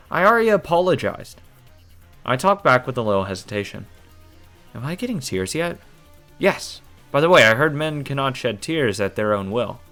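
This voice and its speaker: A man's voice: on the low side, a bit bright. A man reading a visual novel aloud in the first person, with casual asides full of swearing. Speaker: game reader.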